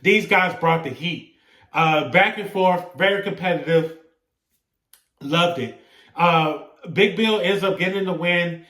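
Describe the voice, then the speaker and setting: A man's voice: fairly high pitch, a little slow, fairly bright tone, distant mic. A man giving a casual review of a wrestling show, rambling with lots of filler "uh"s and laughing often between phrases. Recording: roomy echo, set back from the mic.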